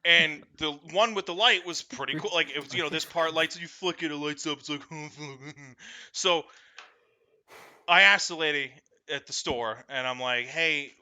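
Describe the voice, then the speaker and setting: A man telling comedic stories in a profane, animated way, breaking into shrill shouted impressions. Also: normal speed. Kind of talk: comedic storytelling.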